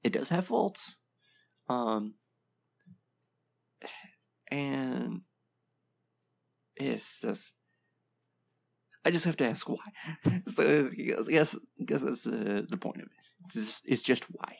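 Male reaction host, mid-pitched with a gravelly edge, blunt and opinionated, casual. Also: lively intonation, slow, long pauses. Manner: blunt, opinionated, lots of ums and laughs. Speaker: video game reaction host.

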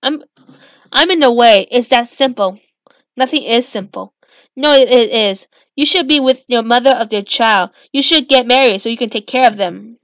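Woman reading stubborn, hurt teen heroine, high voice, close and dry. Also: normal speed, a bit bright, no room sound, natural voice. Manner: upset, firm.

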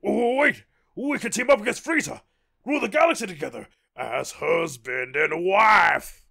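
A man performing a vain, flirty alien woman with a shrill falsetto. She talks fast and breathless, pleading and scheming. Her pitch swings up and down dramatically. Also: lively intonation, pushed and bright.

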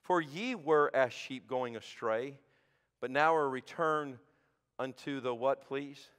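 A man preaching a sermon as pastor, swinging from shouted peaks to hushed low asides. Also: takes it slowly, clear, resonant tone. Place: church sanctuary. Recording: sanctuary with long reverb.

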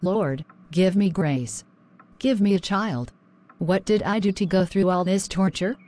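A woman voicing a young married wife in an animated drama, pleading and worn down. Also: mid-range voice, unhurried, natural voice.

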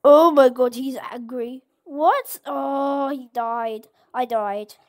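A woman host giving casual gameplay commentary, excitable and exclaiming at each surprise. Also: high-pitched, slow pace. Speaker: gaming channel host.

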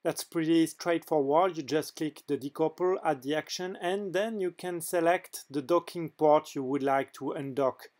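A man with a French accent, French his first language, narrating a software demo in a hesitant way with frequent filler pauses. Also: fairly high pitch. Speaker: game mod developer.

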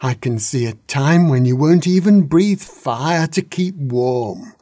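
A man's voice: a little high, lively intonation, dark tone, no room sound, clean studio sound. A man voicing an ancient, wise old dragon who drones and grumbles in a storybook reading. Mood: grumbling. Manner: droning, slow.

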